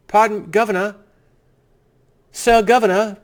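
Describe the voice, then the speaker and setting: A man's voice: high voice, steady tone, unhurried, voice pushed up. A man putting on a simpering, fawning underling. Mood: sneeringly servile. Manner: mock-deferential, sarcastic. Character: fawning, overeager male underling toadying to a governor.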